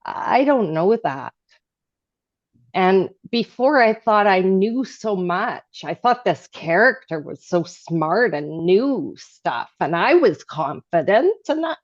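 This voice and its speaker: A woman sharing a personal story in a casual group chat, rambling and restarting, now and then bursting into loud, animated remarks. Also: lowish voice, no echo, highs cut off. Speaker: group participant.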